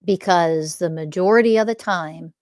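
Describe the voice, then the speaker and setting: A woman's voice: fairly low pitch, moderate pace, a little mellow, dry recording, studio quality. A woman hosting a podcast as a spiritual teacher, ranting bluntly with frequent swearing and scornful asides. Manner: profane, emphatic and scornful, mocking voices in quotes.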